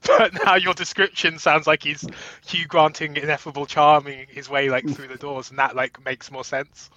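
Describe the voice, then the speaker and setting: A man's voice: fairly high pitch, steady tone, moderate pace, pushed and bright, dry recording, muffled recording. A man, a podcast guest chatting casually with dry, self-mocking humor. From Britain.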